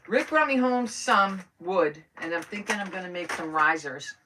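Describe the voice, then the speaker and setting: Low-voiced chatty woman crafting live. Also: expressive, normal speed, hardly any pauses, bright, forceful tone. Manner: chatty, rambling, greets viewers by name. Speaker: crafting livestream host. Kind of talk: casual chat while crafting live. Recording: voice a bit far from the mic, faint noise.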